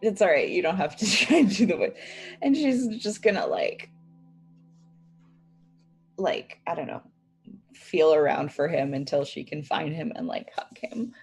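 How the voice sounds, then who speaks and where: A woman's voice: deep voice, unhurried, long pauses, slightly rough, soft background music. A woman describing her character's actions in a tabletop game, casual and hesitant. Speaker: player.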